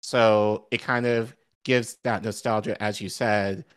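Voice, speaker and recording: A man co-hosting a casual political commentary podcast, speaking in a measured way and thinking aloud with restarts. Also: on the low side, steady tone, clean tone. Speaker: podcast co-host.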